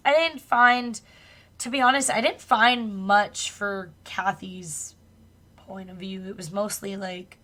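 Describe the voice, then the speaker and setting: A woman's voice: mid-range voice, slow. Woman casually retelling a spooky story. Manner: relaxed storytelling with casual swearing and laughs. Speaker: podcast co-host. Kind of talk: casual chat, retelling a true crime story.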